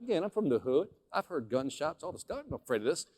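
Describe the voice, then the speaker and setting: A man from Chicago giving a dramatic storytelling keynote as a motivational sales speaker, animated, swinging between hushed and loud, talking straight to the audience. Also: a little high, fast talker. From Chicago, USA. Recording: long hall reverb.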